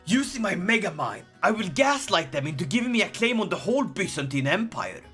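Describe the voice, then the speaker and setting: A man giving jokey, excitable gameplay commentary, breaking into sudden shouted outbursts. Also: sits high, a little fast, soft background music. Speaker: gaming video creator.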